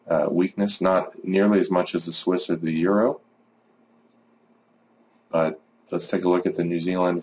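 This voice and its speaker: A forex trading educator walks through a lesson over a screen recording, his low, slightly mellow voice casual and practical. He rambles a lot, filling gaps with plenty of "uh" and "you know."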